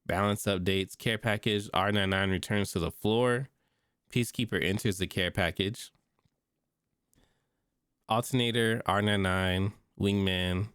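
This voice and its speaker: Stuffy male streamer with a deep, dry close-mic voice; reads text, then reacts in slang. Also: fairly even intonation, unhurried, fairly bright tone, smooth, no room sound. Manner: reads notes aloud, breaks off into slangy reactions. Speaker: streamer reading and reacting to game patch notes. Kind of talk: casual livestream commentary.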